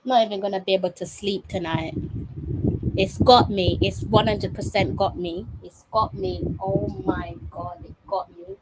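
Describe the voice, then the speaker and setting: A woman's voice: medium pitch, moderate pace, very noisy. A young woman talking casually to her viewers, exasperated and dramatic, rambling on. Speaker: vlogger. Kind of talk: casual chat to camera.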